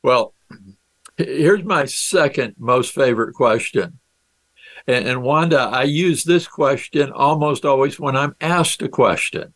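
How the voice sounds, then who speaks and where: A man's voice: medium pitch, unhurried, fairly bright tone. A man as a podcast guest in a casual interview, friendly and often addressing the host by name.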